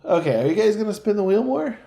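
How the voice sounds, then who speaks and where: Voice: mid-range voice, big pitch swings, fast, creaky, dark tone. A game master running a tabletop game, giving dry rulings.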